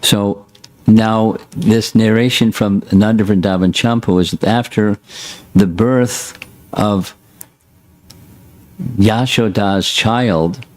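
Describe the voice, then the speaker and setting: A man's voice: on the low side, steady tone, slow, long pauses, darkish tone. A man teaching a scripture class, reading a passage aloud and breaking in with short plain asides. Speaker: spiritual teacher.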